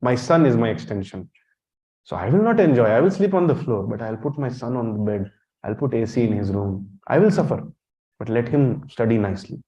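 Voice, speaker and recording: This monk's voice is medium-pitched, dark in tone, expressive and fairly quick, captured in a dull lo-fi recording. Lecturing at a temple, he bluntly teases his audience, quizzes them and calls on individuals directly.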